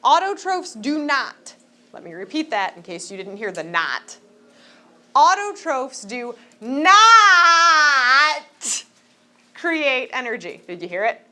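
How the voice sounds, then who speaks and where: A woman teaching a high school class in a classroom, lecturing in a joking, teasing way and throwing questions at the students. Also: a bit bright.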